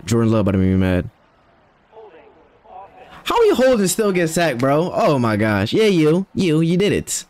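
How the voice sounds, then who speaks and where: A young man giving casual, excitable commentary while playing a video game, trash-talking and exclaiming as he plays. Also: a little high, moderate pace, pauses often. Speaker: gamer. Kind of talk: live gameplay commentary.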